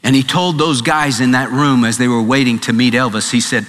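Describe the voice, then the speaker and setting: A man's voice: medium pitch, fairly even intonation, a little fast, fairly bright tone. A man preaching a sermon, telling a story with emphatic, shifting delivery. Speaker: pastor. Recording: long hall reverb, faint music.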